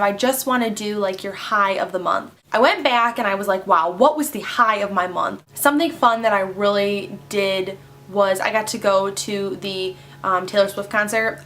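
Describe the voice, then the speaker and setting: A bubbly young woman chats through her monthly favorites in a relaxed vlog. She rambles happily, peppering her talk with "like" and "um", at a medium pitch. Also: a little hiss or hum. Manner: bubbly, chatty, lots of "like" and "um". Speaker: beauty vlogger.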